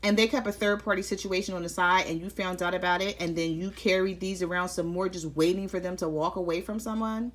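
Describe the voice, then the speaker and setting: A woman's voice: fairly low pitch, fairly even intonation, quick pace, hardly any pauses. A woman giving a casual tarot reading, chatty and conversational, often checking in with "okay?". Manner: chatty, repeats "I'm feeling like" and "okay?". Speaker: tarot reader.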